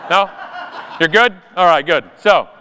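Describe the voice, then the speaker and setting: Man, sharp-witted keynote storyteller, high voice, long reverb of a big hall. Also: measured pace, a little hiss or hum. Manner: sarcastic, punchy storytelling. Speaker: conference speaker. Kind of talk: comedic keynote talk. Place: large conference hall.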